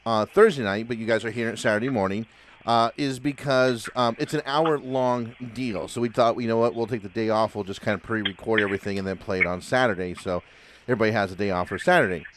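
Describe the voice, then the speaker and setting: A man's voice: on the low side, steady tone, fast talker, a little hiss or hum. Upbeat chatty man hosting a podcast. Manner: upbeat, chatty, laughs often. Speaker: podcast host. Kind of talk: casual chat.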